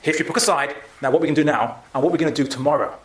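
A man's voice: a little high, rapid-fire, echoey room, slight background noise. A man giving a public talk and taking audience questions, speaking emphatically with frequent restarts.

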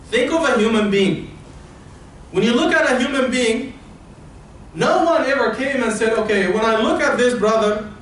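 A man with an Egyptian accent preaches in a large mosque hall, his fairly high voice carrying from a distance. Heavy echo fills the room over a faint hum, and he explains each point patiently through everyday comparisons. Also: fairly bright tone. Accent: Egyptian Arabic. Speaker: imam. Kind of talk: Friday sermon.

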